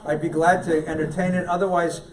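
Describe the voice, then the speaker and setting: A man's voice: on the high side, level tone, brisk, distant mic, noisy background. A middle-aged man from California, a rabbi telling anecdotes with self-deprecating humour to a congregation. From California, USA. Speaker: rabbi, guest scholar. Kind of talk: storytelling talk to a congregation. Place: synagogue hall. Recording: roomy hall, mic from afar.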